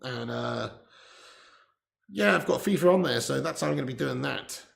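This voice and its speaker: A man's voice: mid-range voice, animated, moderate pace, vocal fry. A man hosting a live football watch-along, chatting casually, laughing often and reading out viewer messages, on a mic placed far away. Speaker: live stream host. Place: room indoors. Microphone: laptop mic set far away with gain turned up. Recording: echoey room.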